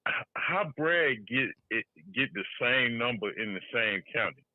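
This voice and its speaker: A man co-hosting a podcast, chatting casually about politics with loose, halting restarts and laughs. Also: mid-range voice, lively intonation, no room sound. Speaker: podcast co-host. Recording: tinny phone-line audio.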